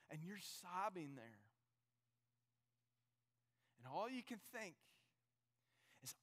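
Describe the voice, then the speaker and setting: High-voiced male preacher in a reverberant hall. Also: animated, normal speed, fairly bright tone. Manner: earnest, storytelling, addresses the congregation directly. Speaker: pastor. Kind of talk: sermon. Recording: long reverb of a large hall.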